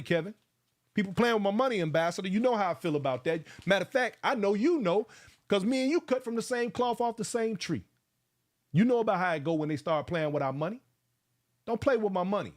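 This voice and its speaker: A man of about fifty hosting a casual livestream, fired up and preachy, calling out viewers by name. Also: on the high side. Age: around 50. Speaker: livestream host.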